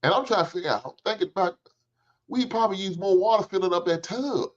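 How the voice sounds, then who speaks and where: A man's voice: sits high, fast. A middle-aged man, hosting a livestream in casual, joking storytelling chat and swearing freely. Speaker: livestream host. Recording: dull lo-fi stream audio.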